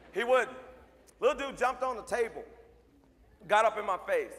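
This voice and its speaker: High-voiced man speaking emphatically in a hall. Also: lively intonation, moderate pace, pauses often, fairly bright tone, slight background noise. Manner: emphatic, storytelling, repeats for effect. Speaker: motivational speaker and mentor. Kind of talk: speech to a school assembly. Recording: long hall reverb.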